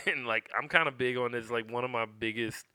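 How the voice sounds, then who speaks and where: Bright-voiced joking man at home. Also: medium pitch, moderate pace, clear, resonant tone, no room sound. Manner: slangy, joking, teasing. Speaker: podcast co-host. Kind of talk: casual chat.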